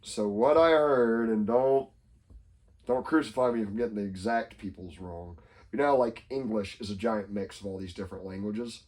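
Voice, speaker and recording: A man's voice: fairly low pitch, normal speed, a little mellow. A young man co-hosting a casual podcast chat, rambling, laughing often and acting out quotes in silly voices. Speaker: podcast co-host.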